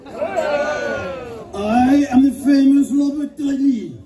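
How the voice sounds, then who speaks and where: A man's voice: extremely high pitch, extremely slow, mellow, heavily acted. A man playing a boastful Norman knight with an exaggerated mock French accent in an amateur folk play, recorded from a distance with a crowd around. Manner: pompous, blustering, theatrical. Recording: distant outdoor stage with crowd.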